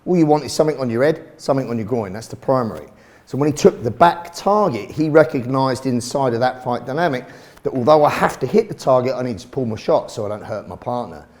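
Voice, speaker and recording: A man coaches a self-defence drill in plain, blunt terms, swearing casually as he explains. His voice sits at an ordinary middle pitch. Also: expressive, fast talker, a little mellow. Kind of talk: instructional commentary.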